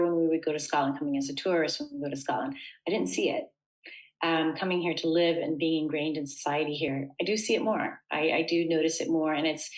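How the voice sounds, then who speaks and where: A woman with a notably low voice talks as a guest in a casual interview. She is from the United States and speaks earnestly and thoughtfully, often pausing on fillers as she gathers her thoughts. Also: poor audio.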